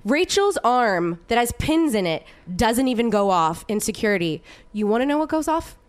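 Chatty woman, a bit high, swearing freely. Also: very animated, normal speed. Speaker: podcast co-host. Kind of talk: casual chat.

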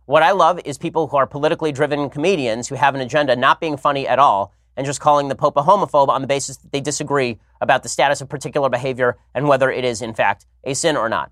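A man hosting a commentary show, telling stories in a casual, animated way with sarcastic asides. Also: medium pitch, no echo, clean studio sound. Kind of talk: casual comedic monologue.

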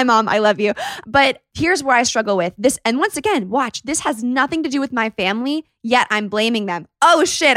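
A woman's voice: medium pitch, fairly bright tone, dry recording, clean studio sound. A woman hosting a podcast, talking in a candid, reflective and chatty way. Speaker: podcast host. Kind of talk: podcast conversation.

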